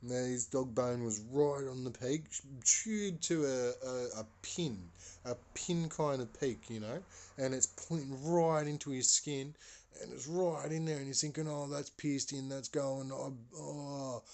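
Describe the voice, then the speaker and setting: A man's voice: mid-range voice, a little slow, darkish tone. A man, a podcast host telling a story in a rambling, hesitant way with many fillers. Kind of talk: casual spoken storytelling.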